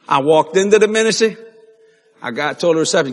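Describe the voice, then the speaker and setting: A man preaching a sermon, telling stories animatedly with laughs and sudden shouts. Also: fairly high pitch, lively intonation, fairly quick, pauses often. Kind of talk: sermon storytelling. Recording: long hall reverb.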